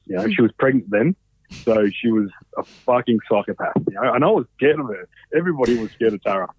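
A man's voice: mid-range voice, quick pace, darkish tone, breathy edge, no room sound. A man in his thirties with an Australian accent, telling stories as a guest in a casual chat, swearing a lot and rambling with many fillers. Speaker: podcast guest. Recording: dry, phone-like sound.

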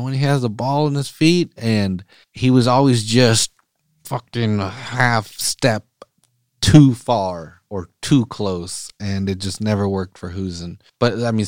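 A man's voice: fairly low pitch, darkish tone, no room sound, clean studio sound. A man hosting a soccer podcast in casual, profane, rambling talk that wanders off on tangents. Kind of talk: casual chat.

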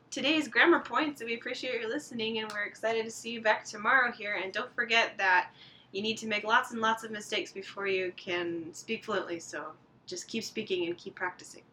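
A woman guests on a language lesson podcast, her voice bright and clear. She explains things casually and loosely, leaning on fillers as she thinks, over a faint hum of room noise. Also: on the high side, brisk. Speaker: guest co-teacher.

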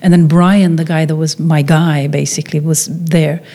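A woman's voice: deep voice, flat delivery, normal speed, mellow. A woman, a documentary filmmaker, telling a personal story in conversation, acting out the quotes with frequent restarts.

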